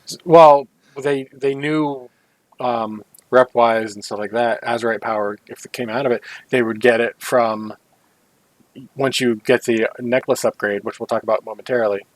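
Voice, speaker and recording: A man's voice: mid-range voice, steady tone, moderate pace, no echo, rough recording. A man co-hosting a casual gaming podcast, rambling along with jokey asides and frequent self-corrections. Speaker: podcast co-host.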